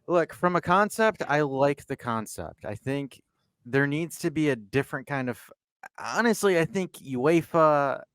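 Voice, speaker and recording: A man co-hosting a casual podcast, teasing his co-hosts and rambling through animated opinions. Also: on the high side, unhurried, clear, resonant tone, no room sound, studio quality. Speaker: podcast co-host.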